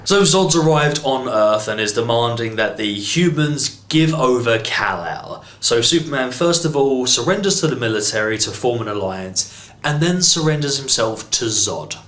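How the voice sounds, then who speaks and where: A man's voice: medium pitch, animated, moderate pace, fairly bright tone, echoey room. An English man reviewing a film in an exasperated, sarcastic rant, swearing freely. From England. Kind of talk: ranting movie review.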